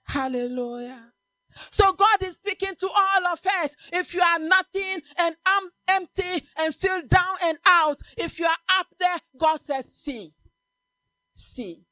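Fervent high-voiced woman preaching. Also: measured pace, no echo. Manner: fervent, repetitive preaching with shouted peaks. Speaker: pastor. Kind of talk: sermon.

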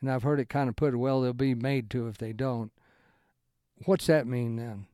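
A man teaches scripture in a loose, rambling way, breaking off sentences and restarting them, then pushing his pitch up for emphasis. His voice is warm and smooth. The sound is close and dry. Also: fairly even intonation, moderate pace, no echo. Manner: swings into emphatic raised-pitch lines. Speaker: Bible teacher. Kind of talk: informal Bible study talk.

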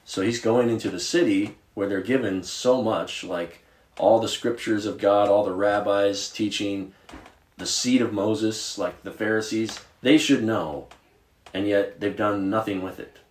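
A man from Virginia co-hosting a podcast, chatting about Bible stories in a casual, animated way with plenty of filler words. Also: on the low side, unhurried, reverberant. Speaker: podcast co-host.

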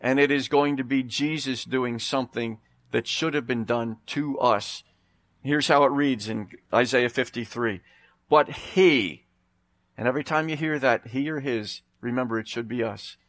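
A man preaching a sermon outdoors, reading scripture with slow, rising emphasis. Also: mid-range voice, fairly bright tone, dry recording, clean studio sound. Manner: emphatic, slows and rises to stress scripture.

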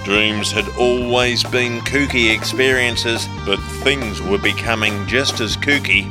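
A man reads his comic road-trip story in a dry, deadpan first-person voice. His pitch sits in an ordinary middle range for a man. Background music plays clearly beneath the narration throughout. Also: slow pace. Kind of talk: scripted audiobook narration.

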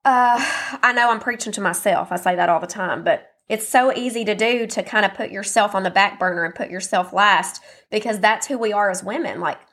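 A woman's voice: mid-range voice, fairly bright tone. A woman, hosting a casual solo podcast in a chatty, folksy, encouraging way, her voice muffled and scratchy from allergies. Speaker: podcast host.

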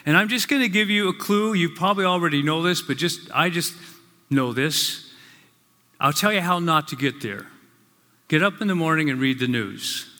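A man's voice: a little high, animated, bright, forceful tone. Man preaching in an echoing hall. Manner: earnest preaching with slow emphatic phrases. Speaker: pastor. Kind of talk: sermon. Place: church sanctuary. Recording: long reverb of a large hall.

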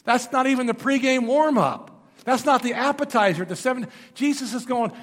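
A male pastor preaching a sermon and telling stories, moving between loud emphatic lines and hushed, low passages. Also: expressive, moderate pace. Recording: long hall reverb.

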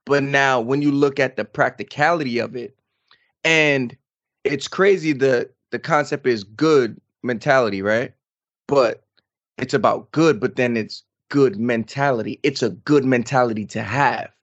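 A man in his thirties co-hosting a podcast, telling an animated story in casual chat. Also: mid-range voice, a little slow, lo-fi sound. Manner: animated storytelling, lively voice swings. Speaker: podcast co-host.

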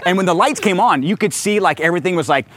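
A middle-aged man preaching a sermon, telling a story with lively acted quotes and shifting between fast storytelling and slow, stressed scripture. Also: high voice, a little hiss or hum. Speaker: pastor.

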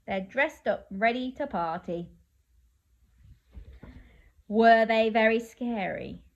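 A woman reading a children's picture book aloud, playful and animated, inviting the listener to join in, with drawn-out dramatic pauses. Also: medium pitch. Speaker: children's story reader.

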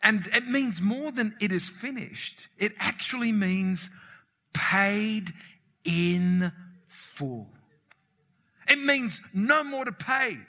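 A high-voiced man preaching with a bright, cutting edge to his tone. He swings from ringing shouts to hushed asides. His voice carries a long hall reverb. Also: expressive, slow pace, gravelly. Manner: fervent, emphatic preaching with sudden shouts and drops. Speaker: pastor. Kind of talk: sermon.

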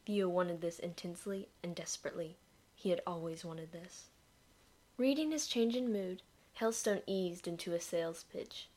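A woman narrating a dark fantasy story in a measured, expressive reading. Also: on the low side.

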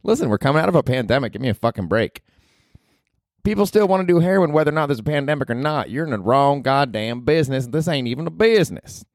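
A man putting on the voice of a rough, foul-mouthed young woman from the rural Ozarks, with a put-on drawl, sneering and swearing. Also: mid-range voice, lively intonation, fast, no echo, clean studio sound, pitched above the performer's own voice, close to an everyday voice. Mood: scornful.

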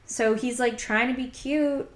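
A woman's voice: a little high, steady tone, measured pace. A young woman telling her own dating story in a chatty, confiding way, full of "like" fillers. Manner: chatty, heavy use of "like" fillers; frank and confiding, sighs between thoughts. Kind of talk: casual personal storytelling.

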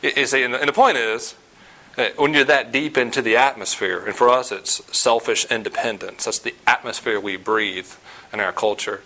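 A man's voice: mid-range voice, a little fast, sharp tone, poor audio. Earnest man preaching conversationally. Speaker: pastor. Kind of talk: sermon.

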